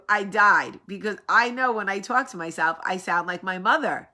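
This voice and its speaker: A woman from New Jersey with a heavy New York accent, hosting a casual talk show and telling funny stories, animated and swearing freely. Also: mid-range voice, normal speed. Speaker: host. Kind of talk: casual storytelling chat.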